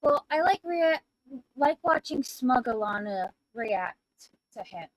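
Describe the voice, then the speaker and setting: A woman streaming as a VTuber, chatting casually in a rambling, flustered way, apologizing and breaking into loud outbursts. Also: high-pitched, animated, slow, no echo, low-quality recording. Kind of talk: casual live-stream chat.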